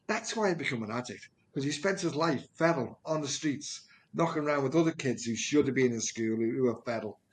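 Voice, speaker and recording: A mid-pitched man shares stories from his work in a conversation. He talks earnestly and animatedly, often repeating a word as he gathers speed. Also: animated, a little fast. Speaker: project manager and guest. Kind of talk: storytelling in conversation.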